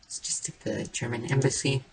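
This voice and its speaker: A woman giving casual, rambling commentary while building in a game, playful, with sing-song noises and soft murmured asides. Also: a bass voice, steady tone, brisk, vocal fry, background noise. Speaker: game streamer. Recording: keyboard and mouse clicks behind the voice.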